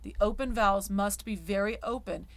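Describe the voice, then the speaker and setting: A woman teaching sung diction, sounding out vowels and words slowly before explaining quickly. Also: mid-range voice, no echo. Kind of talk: spoken diction lesson.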